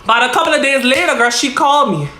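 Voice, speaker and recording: Woman, fairly high voice, casual storytime, swears a lot, keeps saying girl, roomy echo. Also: fast talker, sharp tone. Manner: chatty, profane, keeps calling the listener girl. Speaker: vlogger.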